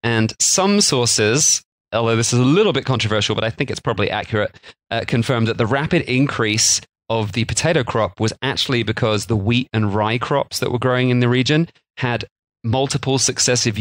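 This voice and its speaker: A man's voice: medium pitch, a little fast, no room sound. A man co-hosting a casual food podcast, rambling and joking as he explains history. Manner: jokey, rambling, slips into silly voices. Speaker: podcast co-host.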